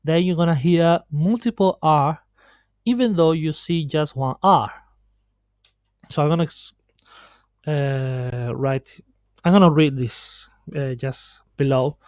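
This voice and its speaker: A man teaching pronunciation on a screen recording, explaining slowly with many pauses and fillers. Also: fairly high pitch, a little mellow, dry recording. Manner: slow, halting explanation with many fillers and restarts. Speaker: Spanish teacher. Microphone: computer mic on a screen recording. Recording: dull lo-fi screencast audio.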